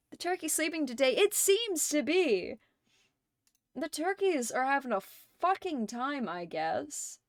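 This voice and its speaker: A woman's voice: sits high, sing-song, slow pace, long pauses, no room sound, studio quality. A woman hosting a livestream, chatting casually and reading viewer messages aloud, laughing often between lines. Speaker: livestream host.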